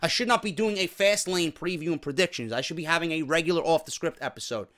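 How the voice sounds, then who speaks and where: A man's voice: fairly high pitch, fast, fairly bright tone. A man hosting a wrestling commentary show, ranting in a profane, exasperated way. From New York.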